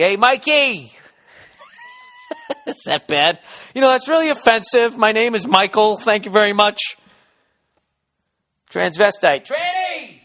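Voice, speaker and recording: A man's voice: on the high side, a bit bright, big-room sound. A man hosting a comedy podcast, talking in a blunt, rambling monologue with constant swearing. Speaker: podcast host.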